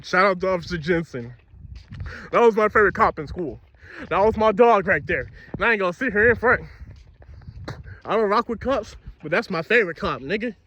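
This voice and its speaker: A man's voice: high voice, lively intonation, fairly quick, bright, forceful tone, dull audio, slight background noise. A young man telling a story from his school days in a casual, slangy, profane way, speaking outdoors.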